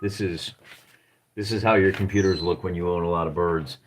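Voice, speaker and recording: This livestream host is a Midwestern man from Michigan who pages through a rulebook, musing aloud and poking fun at himself in a rambling way. He speaks in a low, steady voice at a normal pace, and there's a slight hiss or hum on the audio.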